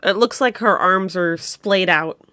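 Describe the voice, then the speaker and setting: A woman's voice: on the low side, unhurried, sharp tone, no echo. A woman narrating as game master of a tabletop game in a casual, hesitant way. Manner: casual, hesitant, lots of fillers.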